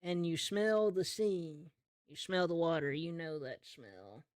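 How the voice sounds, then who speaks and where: A man running a tabletop game as game master, narrating in an easygoing, slow descriptive way. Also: a little high, no echo.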